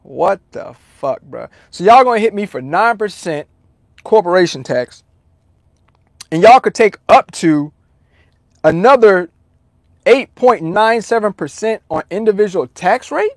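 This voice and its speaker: A man hosting a casual livestream, talking to his chat in an animated, profane, repetitive way. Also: high-pitched, unhurried, long pauses, no room sound, studio quality. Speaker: livestream host answering chat.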